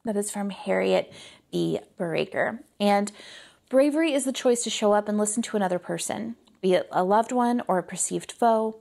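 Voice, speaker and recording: A woman's voice: medium pitch, moderate pace, vocal fry, a little mellow. A woman hosting a solo podcast, talking earnestly and conversationally with many casual fillers and asides. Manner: earnest, conversational, lots of "like" and "right?". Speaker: podcast host.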